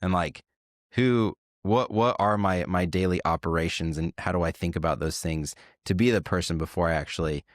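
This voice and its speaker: A man co-hosting a podcast in casual chat, thoughtfully telling parables and trailing off quietly at the ends of lines. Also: sits low, normal speed, no room sound, studio quality. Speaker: podcast co-host.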